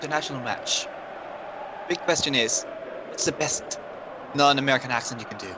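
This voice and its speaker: A relaxed man chats through his analysis as a co-commentator on a video game football match. His voice sits at a middle pitch. Clear noise runs under the recording. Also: normal speed. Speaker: color commentator. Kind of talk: casual esports co-commentary.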